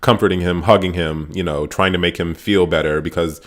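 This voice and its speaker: Brief: male vlogger, low-ish voice, chatty gossipy recap, swears freely, mimics quotes. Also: a little fast. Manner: animated, profane gossipy storytelling; acts out quotes in shifting voices. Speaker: vlogger reviewing a reality show. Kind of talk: casual recap vlog.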